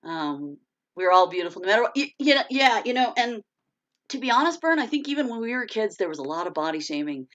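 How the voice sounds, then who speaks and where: A woman's voice: on the high side, very animated, fast talker, fairly bright tone, highs cut off. A woman in her forties hosting a casual live chat, talking freely, laughing often and answering viewers' comments.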